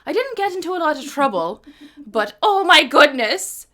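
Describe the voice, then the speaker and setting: A woman's voice: high-pitched, very animated, normal speed. A woman hosting a live music stream, chatting casually between songs, rambling and swearing freely with self-mocking humor. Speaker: livestream host and singer.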